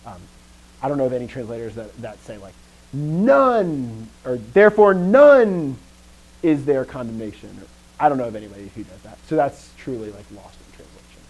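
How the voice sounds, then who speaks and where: Fast and husky, a man teaches Greek in an easygoing, self-correcting manner on a low-quality recording. He pauses regularly to check with the class and punches out stressed words, raising their volume and pitch to show emphasis.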